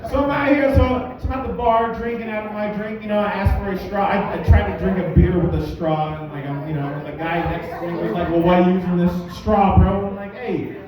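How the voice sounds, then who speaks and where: A stand-up comedian from Albuquerque doing a profane, mock-angry rant at a bar comedy night. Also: male voice, high-pitched, fairly even intonation, fairly quick, few pauses, a crowd in the background. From Albuquerque, USA. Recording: echoey, dull, distant room recording.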